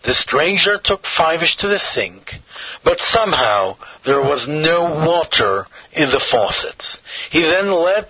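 A man narrating a scripted story in a measured, expressive reading. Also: a little high, breathy edge, no echo. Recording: dull, dry lo-fi recording.

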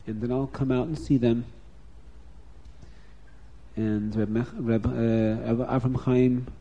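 A man telling a story to children in a lively, expressive way, dropping soft and rising loud. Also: on the high side.

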